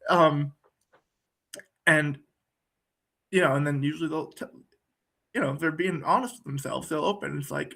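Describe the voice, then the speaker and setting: A man's voice: fairly high pitch, moderate pace, gravelly, long pauses, sharp tone. A man talking in a thoughtful, conversational way, often repeating words while he searches for them. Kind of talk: reflective conversational talk.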